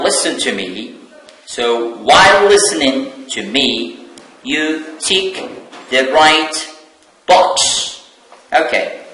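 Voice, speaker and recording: Slow, deliberate Algerian-accented male teacher. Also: medium pitch, pushed and bright, reverberant, poor audio. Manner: slow, deliberate, spelling out sounds with many pauses. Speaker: English teacher. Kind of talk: slow televised classroom lesson.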